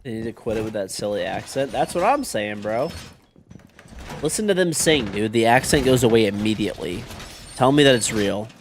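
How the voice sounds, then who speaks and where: A man's voice: fairly low pitch, animated, brisk, a little hiss or hum. A young man streaming a shooter game, chatting casually with viewers and teammates and swearing bluntly. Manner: swearing, blunt, reacting to gameplay and chat. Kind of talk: casual gaming stream chat. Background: gunfire from the game.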